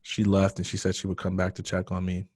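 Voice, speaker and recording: A man's voice: sits low, completely flat delivery, quick pace, a little mellow, slightly rough, no room sound. A man as a podcast guest, telling a personal story in an earnest, emotional way.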